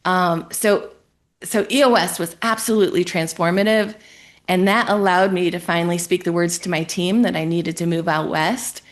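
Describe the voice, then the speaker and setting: A woman from Ohio shares her story as a podcast guest, her voice sitting a little low. She tells it in a lively, emotional way and acts out her own inner thoughts as she goes. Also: moderate pace. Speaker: guest entrepreneur and business coach. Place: home in a Colorado town.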